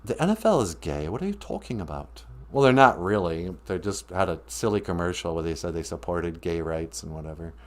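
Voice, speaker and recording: A man's voice: low-pitched, expressive, brisk, few pauses. A man hosting a comedic podcast, talking in a casual, playful way. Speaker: podcast host.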